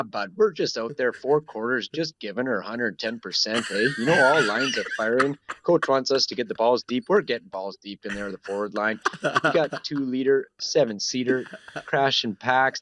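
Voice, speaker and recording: A man's voice: medium pitch, moderate pace, a bit bright, slight background noise, close to an everyday voice. A man puts on a cheerful Canadian ice hockey player with a thick accent. He gushes in post-game clichés with a folksy, pumped-up bluster. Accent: Canadian put-on. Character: Canadian ice hockey player doing a post-match interview, male, upbeat.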